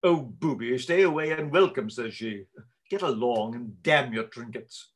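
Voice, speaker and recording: A man reading a part aloud in a live play reading, blustering and gruff. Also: medium pitch, measured pace. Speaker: volunteer reader playing Sir Anthony.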